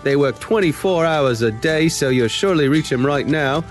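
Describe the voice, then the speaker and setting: A man's voice: a little high, expressive, moderate pace, soft background music, lightly acted. A man voicing a pushy online scammer in a put-on Australian accent, his voice raised and salesy. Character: pushy male Facebook scammer promising free grant money.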